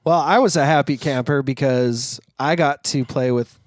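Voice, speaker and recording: A man's voice: mid-range voice, moderate pace, no room sound, clean studio sound. A man co-hosting a band podcast in casual chat, laid-back and swearing casually, getting over a cough. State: recovering from a cough. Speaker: podcast co-host, band guitarist.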